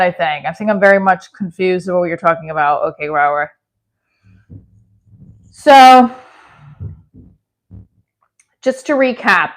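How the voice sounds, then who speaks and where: A chatty woman hosts a casual livestream, reading comments aloud and replying off the cuff. Her talk rambles, full of restarts and self-deprecating asides. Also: medium pitch. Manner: chatty, self-deprecating, answers chat mid-sentence with restarts. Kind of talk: rambling casual live chat.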